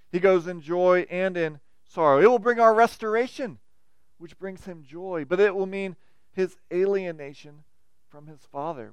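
A man's voice: fairly high pitch, smooth, no echo. A man, a pastor, delivering a sermon with rising and falling emphasis.

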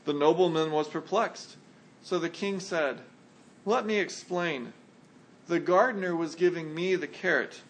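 High-voiced man preaching a sermon. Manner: earnest preaching, acts out imagined voices. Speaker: pastor.

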